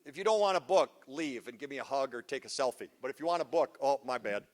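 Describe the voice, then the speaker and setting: A middle-aged man giving a live parenting talk to an audience, joking, goofy and energetic, teasing the crowd. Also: medium pitch, fast. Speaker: parenting seminar speaker. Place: school event before a live audience.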